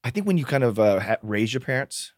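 A man's voice: mid-range voice, sing-song, fast talker, no echo, studio quality. A man, the guest's husband, explaining things earnestly in a casual chat and stumbling over his words as he goes.

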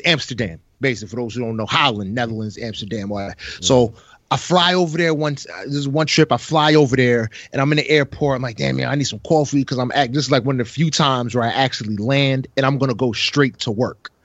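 A man hosting a casual podcast chat, telling animated stories and laughing often. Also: mid-range voice, fast talker, no echo. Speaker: podcast host. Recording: dull lo-fi audio.

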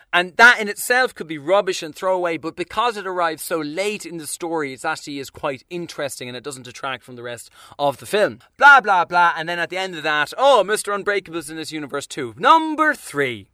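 Bright, sarcastic young man ranting about films. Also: a little high, animated, brisk, hardly any pauses, dry recording, studio quality. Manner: sarcastic, profane, rambling. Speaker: film reviewer. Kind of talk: casual film review rant.

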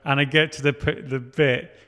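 A man's voice: medium pitch, level tone, normal speed, sharp tone. A man in casual chat, talking in a chatty, self-mocking way and laughing often. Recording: long hall reverb.

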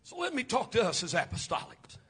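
A man's voice: sits high, huge pitch swings, brisk, fairly bright tone, breathy edge. A man preaching a Pentecostal sermon, chanting his phrases with "uh" breaths between them.

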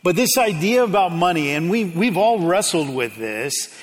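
High-voiced pastor in an echoey hall. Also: male voice, sing-song, moderate pace. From United States. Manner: conversational, self-deprecating storytelling. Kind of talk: sermon. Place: church sanctuary.

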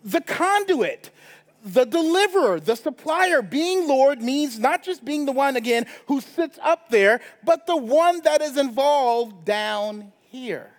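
High-voiced man preaching in a reverberant church. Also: animated, takes it slowly. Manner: conversational preaching with frequent tag questions. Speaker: pastor. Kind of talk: sermon. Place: church sanctuary.

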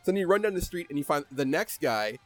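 A man hosting a podcast in casual chat, animated and rambling, and laughing as he tells stories. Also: on the high side, fast, faint music behind. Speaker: podcast host.

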